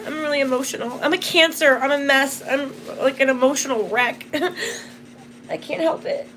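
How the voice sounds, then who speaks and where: Emotional high-voiced woman talking to spirits. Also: measured pace, a bit bright, a little hiss or hum. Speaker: tarot reader and spirit box host. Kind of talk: live spirit box session.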